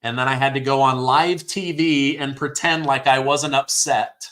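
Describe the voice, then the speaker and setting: A man hosting a live stream, reading headlines aloud and reacting with excitement, his throat sore from hours of talking. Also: medium pitch, normal speed. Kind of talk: live election-night commentary.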